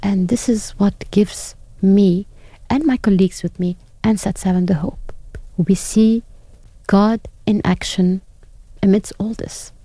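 Woman, earnest storyteller, gravelly fry, mellow tone, dry close sound. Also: medium pitch, a little slow, no room sound. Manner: earnest, quotes others in lively voices. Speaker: guest, ministry broadcaster. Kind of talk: interview storytelling.

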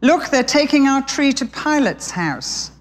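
A woman's voice: sits high, big pitch swings, a little slow, voice pushed up. A woman voicing a young boy sparrow who asks anxious, wide-eyed questions in a storybook reading. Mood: alarmed.

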